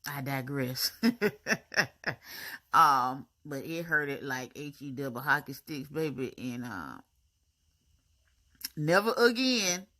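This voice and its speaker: A woman with a rumbling low voice speaks slowly in a casual voice-over, chatting to viewers about her braces appointment. She's chatty and animated, calling them y'all, honey and baby.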